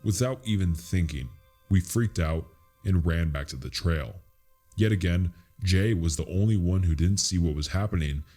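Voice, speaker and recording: A man reading a scary true story as a narrator, in a slow, hushed, suspenseful delivery. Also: low voice, soft background music. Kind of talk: scripted horror story narration.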